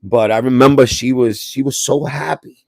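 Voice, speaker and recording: A man's voice: mid-range voice, moderate pace, gravelly, no room sound. A man from Puerto Rico hosting a livestream and telling a family story in a rambling, streetwise way, restarting his sentences and dropping slang. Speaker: livestream host.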